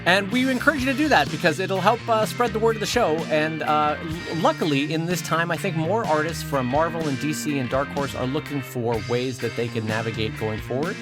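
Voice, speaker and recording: A man co-hosting a podcast, chatting in a playful, animated way. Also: a little high, a little fast, hardly any pauses, over music. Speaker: podcast co-host. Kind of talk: casual chat.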